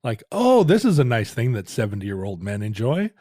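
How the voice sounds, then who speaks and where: Same setup, different sound: this middle-aged podcast co-host swings widely in pitch from a mid-range base, mellow and moderately paced, as he wanders through a family story and keeps interrupting himself in casual chat. It's a dry, studio-quality recording.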